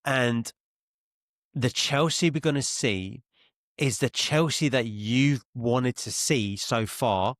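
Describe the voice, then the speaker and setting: A man's voice: medium pitch, fairly bright tone, no echo, clean studio sound. A man co-hosting a football podcast, speaking confidently and emphatically with teasing banter. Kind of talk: casual football podcast chat.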